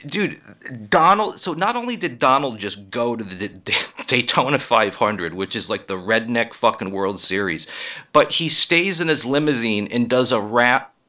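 Bright-voiced, swearing male comic. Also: medium pitch, animated, moderate pace. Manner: rambling, profane, laughs at own jokes. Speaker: comedian. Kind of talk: profane comedic monologue.

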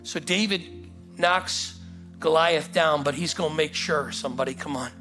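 A male pastor, preaching a lively sermon in a church auditorium and acting out the story in voices. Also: fairly high pitch, moderate pace, faint music behind. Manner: animated, acts out the story in voices, calls "come on".

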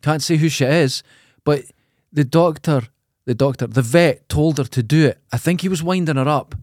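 A man's voice: fairly high pitch, moderate pace, a little mellow, dry recording, studio quality. A Scottish man co-hosting a podcast, telling wry, sweary anecdotes in casual chat. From Scotland. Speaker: podcast co-host.

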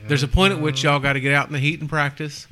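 A man's voice: on the high side, fairly even intonation, fast, noisy background. A man, co-hosting a casual sports chat, sarcastic and rambling with many restarts. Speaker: podcast co-host.

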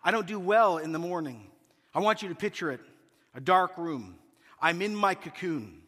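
A man in his thirties preaching a sermon, telling a funny family story with lively timing. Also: sits high, moderate pace. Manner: humorous, animated storyteller. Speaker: pastor. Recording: long hall reverb.

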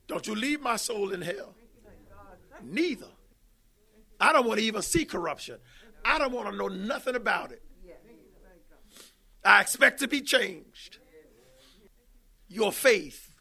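High, gravelly-voiced preacher man. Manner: emphatic preaching, rising to shouts. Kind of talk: sermon.

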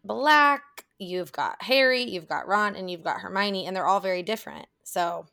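Chatty woman with a raspy edge. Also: fairly low pitch, normal speed, a bit bright. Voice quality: slightly raspy, gritty tone right now. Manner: chatty, rambling, laughs often. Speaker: podcast co-host. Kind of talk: casual chat.

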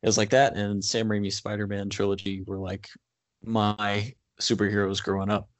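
A man co-hosts a casual film chat in a lowish voice, recorded dry and close. He speaks in a measured way, filling pauses with "um" and "like". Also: level tone, no echo. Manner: frequent "um" and "like", measured. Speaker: podcast co-host.

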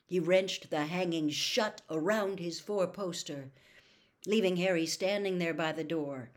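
A woman reads a novel aloud as narrator, with steady, measured storytelling. Her voice sits low for a woman. She keeps an even pace between the characters' lines. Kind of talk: audiobook narration.

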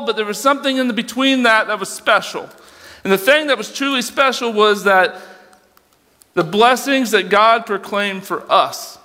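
A young youth pastor preaches a sermon in a large hall, his voice high-pitched and sharp. He's casual and conversational, using fillers and correcting himself, and as a dyslexic speaker he struggles reading aloud.

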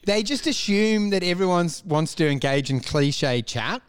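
High-voiced man in sweary banter. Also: lively intonation, a little slow, clear, resonant tone. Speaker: podcast co-host. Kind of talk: casual comedic chat.

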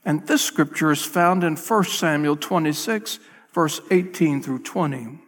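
High, bright-voiced male pastor preaching. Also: a little slow, in a large hall. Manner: dramatic storytelling, acting out scenes. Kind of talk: sermon. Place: church sanctuary.

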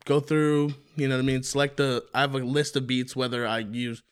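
A young man, a rapper, talking casually in an interview about writing songs, with relaxed speech full of "you know what I mean". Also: medium pitch, brisk, clear, resonant tone. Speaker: rapper guest.

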